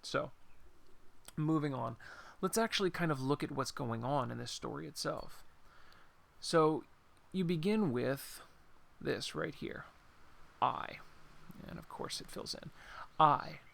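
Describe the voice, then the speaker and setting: Gravelly-voiced man explaining a poem. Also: on the high side, fairly bright tone. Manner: unscripted, thinks aloud with pauses and apologies; reads verse lines slowly and deliberately. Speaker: poetry teacher. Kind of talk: informal recorded lesson.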